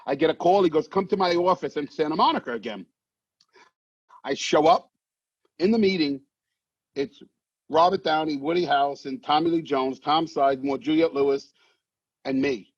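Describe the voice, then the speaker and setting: Casting: husky, higher-pitched New man, brash animated raconteur, dry dull recording. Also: normal speed, pauses often, no room sound. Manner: animated, swearing, acts out voices in anecdotes. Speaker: actor guest. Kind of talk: casual storytelling interview. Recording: dull muffled sound, dry.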